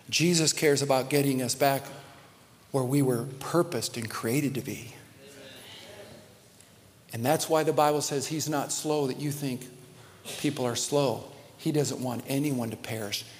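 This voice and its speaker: A man preaching a sermon as pastor, swinging from hushed, earnest passages to loud, animated ones. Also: medium pitch, a little hiss or hum. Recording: long reverb of a large hall.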